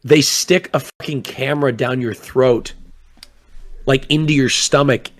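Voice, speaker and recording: A man's voice: medium pitch, steady tone, a little slow. Rambling young man telling stories. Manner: rambling storyteller, acts out quoted voices. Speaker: co-host of a late-night stream talk. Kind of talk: casual chat.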